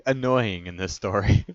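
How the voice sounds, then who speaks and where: A man's voice: on the low side, dry recording. A man reading fan stories aloud and making sarcastic comments on them. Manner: sarcastic, laughs at his own remarks. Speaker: reader and commenter. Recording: dull dry lo-fi recording.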